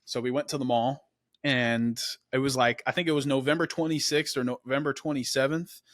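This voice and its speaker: Man, young adult, podcast host, casual storytelling, laid-back, mid pitch, dry close sound. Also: steady tone, fairly quick, no echo. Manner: laid-back, peppers speech with "man" and "dude".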